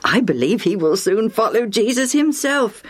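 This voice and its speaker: A woman plays a gentle, hospitable man in a storybook radio reading. He speaks softly and kindly, with a lively lilt. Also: fairly high pitch, moderate pace, pitched above the performer's own voice. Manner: gentle, hospitable, soft-spoken. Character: kindly warm older man, a friendly host.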